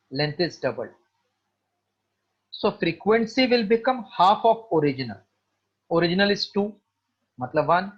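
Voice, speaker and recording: A man's voice: a little high, husky. A man with an Indian accent teaching physics in an online class, mixing Hindi into his English and putting questions to his students. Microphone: video call. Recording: dull lo-fi online call audio.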